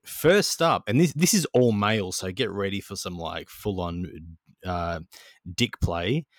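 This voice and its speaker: A man's voice: sits low, animated, unhurried, no echo, studio quality. A man hosting a casual podcast, joking crudely and swearing a lot. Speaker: podcast host.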